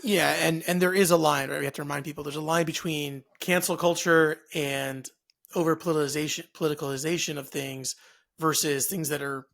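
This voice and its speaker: Gravelly, higher-pitched male podcast co-host. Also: steady tone, fairly quick, a bit bright. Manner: loose and chatty, many fillers and restarts. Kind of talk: casual podcast discussion.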